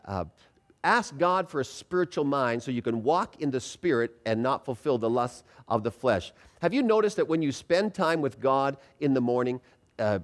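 Guy preaching in church, voice swings up and down a lot, gets the crowd to say stuff back. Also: fairly high pitch. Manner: animated, calls for congregation responses. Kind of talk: sermon.

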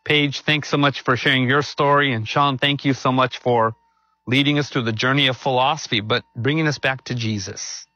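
A man's voice: medium pitch, steady tone, normal speed, bright, forceful tone, dry recording, muffled recording. A man hosting a church event, affirming the guest's answers in a pastoral way and reading scripture aloud. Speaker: host.

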